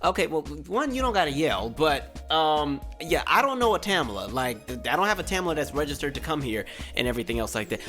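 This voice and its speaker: Soft music underlies a fairly high-pitched male voice, brisk and hardly pausing, belonging to a podcast host in his twenties. His casual storytelling is animated, with quotes acted out in a raised voice.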